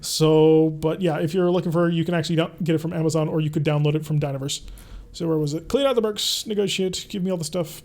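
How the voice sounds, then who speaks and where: A man's voice: fairly high pitch, darkish tone. A man streaming a strategy game, chatting casually, answering viewers' questions and talking through his choices as he plays. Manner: chatty, reads and answers chat while playing.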